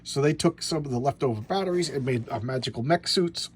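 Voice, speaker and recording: A man's voice: mid-range voice, fast, husky. A man giving casual show-and-tell commentary on a comic book. He rambles, stumbles over his words and restarts, and chuckles to himself along the way.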